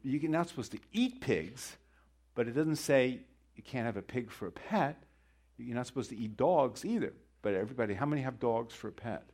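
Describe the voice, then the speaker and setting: A man's voice: medium pitch, expressive, normal speed, darkish tone. A middle-aged man teaching a conversational sermon, wandering into joking asides and rhetorical questions. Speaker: Bible teacher.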